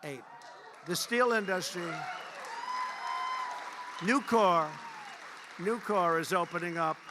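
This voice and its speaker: A man's voice: high-pitched, fairly bright tone. A man giving a rally speech at a fundraiser, repetitive, boastful and rambling. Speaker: political speaker at a fundraiser. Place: large event hall. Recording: long hall reverb.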